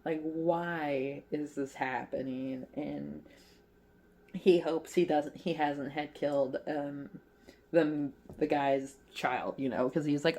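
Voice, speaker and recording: A woman hosting her crochet channel playfully retells a favorite movie, rambling chattily with lots of fillers and acting out the characters' lines. Her voice is deep, steady, slow and darkish in tone.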